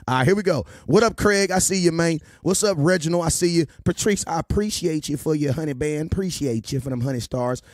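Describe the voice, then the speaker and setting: High-voiced man hosting a sports livestream. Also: dry recording, studio quality. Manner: rapid shout-outs to viewers, playful preacher-style teasing. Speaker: livestream host. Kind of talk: casual livestream chat.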